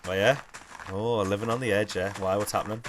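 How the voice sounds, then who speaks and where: Laid-back Geordie man, low voice. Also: steady tone, brisk, noisy background. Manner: chatty, rambling, laid-back. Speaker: livestreamer. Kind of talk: casual gaming livestream chat.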